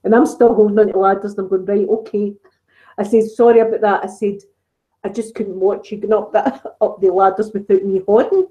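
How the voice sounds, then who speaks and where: A middle-aged Scottish woman hosts a relaxed live-stream chat on her ASMR channel. Her voice is mellow and warm, and her pitch sits in an ordinary middle range. She tells stories in a chatty way, laughing often as she goes. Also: a little fast, poor audio. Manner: chatty storytelling, frequent laughs.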